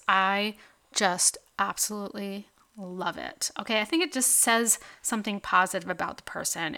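A woman hosts her own podcast in a casual, chatty monologue, her medium-pitched voice pushed and bright. She fills her talk with "like" and tag questions such as "right?" and "okay?".

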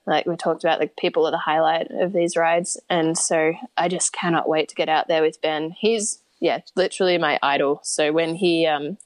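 A woman's voice: low-pitched, fairly even intonation, normal speed, few pauses, dry recording. An upbeat, enthusiastic woman with an Australian accent, chatting casually as a podcast guest. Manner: upbeat, enthusiastic, laughs easily. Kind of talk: casual interview chat.

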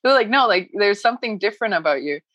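A woman's voice: medium pitch, expressive, quick pace, a bit bright, dry recording. A woman talking about her personal growth as a coaching client, emotional and laughing often as she rambles. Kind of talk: casual heartfelt chat.

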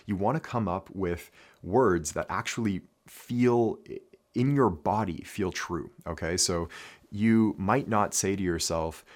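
Male mindset coach, very low voice, earnest, repeats key points. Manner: earnest, repeats key phrases, frequent "right?" and "okay?". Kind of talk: instructional talk to athletes.

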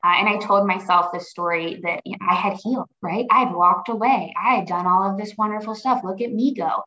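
A woman's voice: mid-range voice, pushed and bright. Earnest woman guest, roomy dull sound. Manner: earnest and reflective, pausing to rephrase. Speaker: podcast guest. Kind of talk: personal story in a podcast interview.

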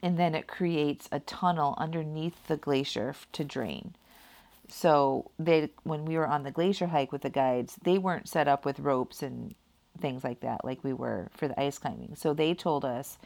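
A woman's voice: sits low, normal speed, creaky, darkish tone. A woman casually telling a personal story, rambling with many fillers and laughing at herself. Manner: rambling, heavy use of "like" and "kinda".

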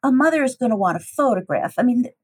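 A woman's voice: fast talker, breathy edge, rough recording. A middle-aged woman from the United States, a teacher, telling a personal story with animation and acting out the dialogue. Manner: lively, acts out dialogue with shifting pitch.

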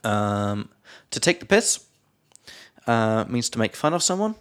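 A man's voice: mid-range voice, sing-song, measured pace, a bit bright. A young English man with an English accent co-hosting a podcast, casually explaining vocabulary and joking between terms. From England. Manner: laughing, loose and playful, drops into silly voices. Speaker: podcast co-host, English teacher.

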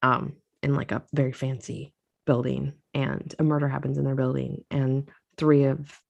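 A woman's voice: very deep voice, level tone, moderate pace, creaky, a little mellow. A woman co-hosting a casual chat podcast, talking enthusiastically and repeating herself. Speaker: podcast co-host.

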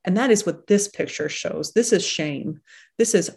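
A woman's voice: fairly low pitch, moderate pace, creaky, darkish tone, slightly rough. A woman surgeon and coach presenting a webinar, talking through slides in a reflective, conversational way with many fillers.

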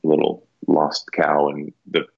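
An elk hunter guesting on a podcast tells a hunting story in a loose, rambling way, packed with "you know" and "like." His voice is extremely low, gravelly and monotone, and he speaks slowly over dull, lo-fi audio.

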